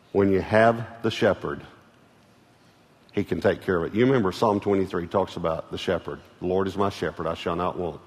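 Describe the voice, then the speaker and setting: A man with a Texan accent preaching a sermon as pastor, earnest, repeating words, moving from loud calls to hushed lines. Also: sits low, fairly even intonation, a little fast. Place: large church auditorium. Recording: large hall reverb with soft music.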